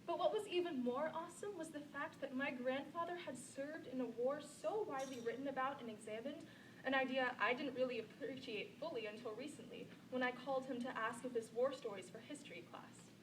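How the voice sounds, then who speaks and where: A woman giving a memorized contest speech and reciting a poem, with an earnest, measured oratorical delivery. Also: high voice, far from the mic, noisy background.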